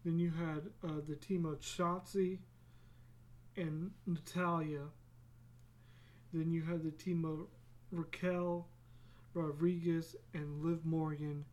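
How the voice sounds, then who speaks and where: Podcast host, casual solo chat, rambling, laughs a lot, restarts words, slow pace. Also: medium pitch, flat delivery, darkish tone, dull audio. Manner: rambling, laughs often, restarts words, acts out quick silly voices.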